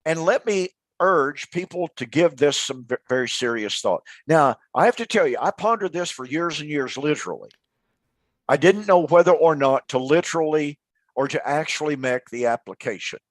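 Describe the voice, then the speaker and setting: A man with a fairly high voice co-hosts a relaxed Bible study chat. He tells historical stories emphatically and builds to loud, dramatic quotes. The recording is dry and close. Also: moderate pace, no room sound. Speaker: co-host of a Bible radio show.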